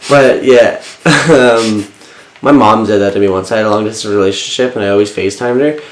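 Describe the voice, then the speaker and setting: A man banters on a casual home podcast, teasing his co-host and laughing often. His voice sits at an ordinary pitch for a man. The room around him is echoey, and a faint hiss runs under it. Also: a little fast. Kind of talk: casual chat.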